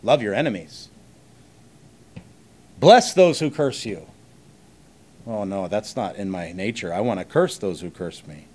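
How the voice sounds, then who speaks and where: A man delivering a sermon as a pastor, preaching conversationally with rhetorical questions and emphatic pauses between short phrases. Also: lowish voice, animated, a little mellow.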